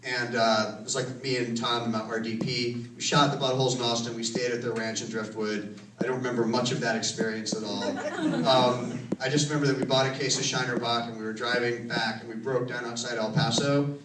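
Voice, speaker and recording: A man's voice: mid-range voice, steady tone, brisk. A man answering audience questions after a screening, telling rambling stories and often correcting himself mid-sentence. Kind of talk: casual Q and A storytelling. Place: cinema auditorium. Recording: roomy, distant from the mic, faint noise.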